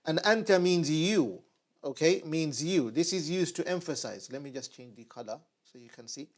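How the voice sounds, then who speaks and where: A man giving an online Arabic lesson at a whiteboard, patiently repeating phrases slowly for his learners. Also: on the high side, expressive. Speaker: Arabic teacher.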